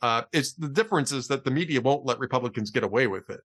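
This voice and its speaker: A man's voice: medium pitch, quick pace, fairly bright tone. A man hosting a casual political talk show, chatty and often laughing at his own jokes. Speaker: podcast host.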